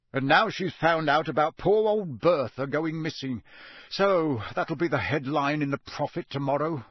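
A man's voice: on the high side, breathy edge, dry recording. A man voicing an exhausted, irritable middle-aged father who grumbles about work. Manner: weary, irritable.

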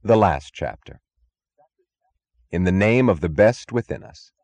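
Deep-voiced man narrating an audiobook. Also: animated, gravelly, a little mellow, dry recording. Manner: measured, dramatic reading. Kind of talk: scripted narration.

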